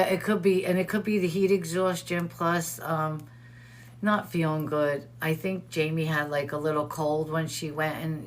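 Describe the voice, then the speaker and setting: A woman's voice: low voice, a little hiss or hum. A middle-aged woman hosting a casual livestream, telling stories in quoted dialogue and answering viewers in the chat by name. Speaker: host of a livestream show. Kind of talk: casual live-stream chat.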